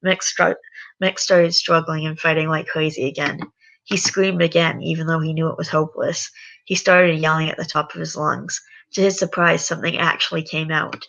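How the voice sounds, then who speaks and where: A tired reader casually reading a story aloud, halting now and then with sighs and restarts. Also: medium pitch, little pitch movement, gravelly, sharp tone, dull audio.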